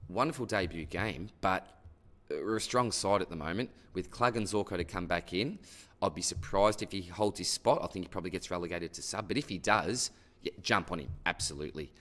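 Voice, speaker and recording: A man's voice: low voice, a little fast, a bit bright. An Australian man hosting a casual fantasy sports Q&A, answering listener questions in a chatty, matey way. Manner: matey and chatty, tags most sentences with "mate" or "buddy". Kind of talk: casual mailbag Q&A.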